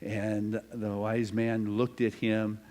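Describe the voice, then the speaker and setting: A male pastor telling a story in a sermon, animated and building to loud emphasis. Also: on the low side, slow.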